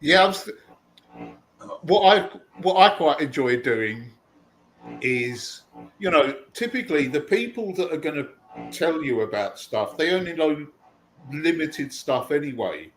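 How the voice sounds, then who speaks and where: A man hosting a casual chat, telling long anecdotes with a relaxed, chatty delivery. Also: a little high, measured pace, a little hiss or hum, low-quality recording. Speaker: host.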